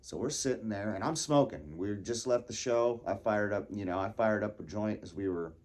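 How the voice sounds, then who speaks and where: A man telling a casual personal story, animated and laughing, acting out his own panicked thoughts. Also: on the low side, normal speed.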